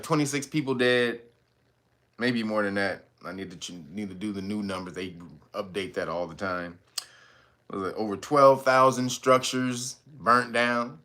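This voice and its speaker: A man in his thirties hosting casual commentary, profane and laughing as he talks. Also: mid-range voice. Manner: laughing, profane, animated storytelling. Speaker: host.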